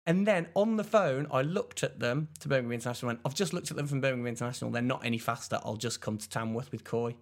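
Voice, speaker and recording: Man, young adult, from England, gravelly voice, casual chat, acts out the voices of people in his stories. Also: medium pitch, fast, hardly any pauses. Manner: rambling storyteller, animated quoted voices. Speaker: podcast co-host.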